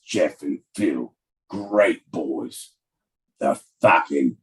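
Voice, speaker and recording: Man playing a low, gruff, sneering dad; scornful, cursing, husky. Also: exaggerated voice. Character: harsh scornful father scolding his son.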